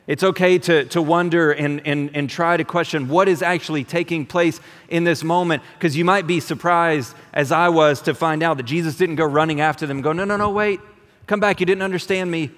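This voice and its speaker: Pastor, male, fairly high voice, casual preaching, long church reverb. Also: a little fast, hardly any pauses. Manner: conversational, animated, repeats words when restarting. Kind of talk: sermon.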